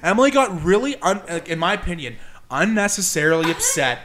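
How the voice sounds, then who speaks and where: Young man, high bright voice, animated storyteller, swears freely. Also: fairly quick. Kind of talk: casual storytelling chat.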